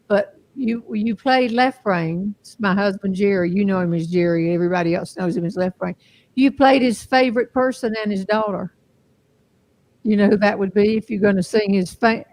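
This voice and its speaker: Woman, host, mid pitch, chatty, casual interview, easygoing rambling. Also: low-quality recording.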